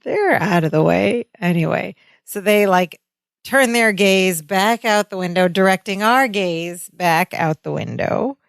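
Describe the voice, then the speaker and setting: A woman's voice: mid-range voice, a little slow, creaky, dry recording. Woman, podcast co-host, casual sitcom recap, laughs often, dry close mic. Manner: chatty, laughs often, reads out quotes from the scene.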